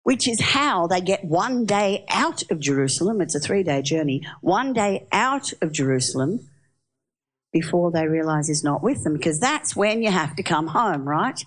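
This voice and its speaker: A woman preaching a sermon, telling stories in a lively way and asking the audience questions. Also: fairly low pitch, normal speed. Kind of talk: sermon with storytelling.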